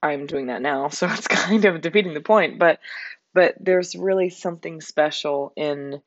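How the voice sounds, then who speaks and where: A woman in her twenties with a hoarse, raspy voice, hosting a reflective solo podcast in an earnest, rambling way. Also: low voice, moderate pace, dry recording. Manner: earnest, rambling, with frequent likes and laughs. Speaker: podcast host. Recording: dull, slightly lo-fi sound.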